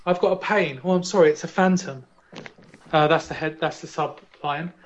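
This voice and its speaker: A man's voice: a little high, normal speed, highs cut off, slight background noise. A man co-hosting a podcast, rambling and joking in casual chat. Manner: rambling, digressive and jokey. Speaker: podcast co-host.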